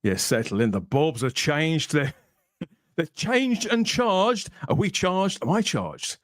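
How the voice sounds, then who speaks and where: Man hosting a livestream podcast, jokey and chatty, slightly high voice, dry close sound. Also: sing-song, slow, no room sound. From Birmingham, England. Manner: jokey, chatty, laughs often. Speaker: host. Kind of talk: casual livestream podcast chat.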